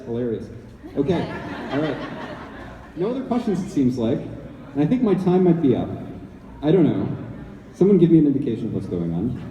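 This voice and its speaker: A man's voice: medium pitch, mellow, slight background noise. A man from Canada, an actor answering fan questions in a casual, playful and rambling way on a convention stage. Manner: playful, rambling, joking with the crowd. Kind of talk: casual audience Q&A. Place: large convention hall stage. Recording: echoey hall, voice from far off.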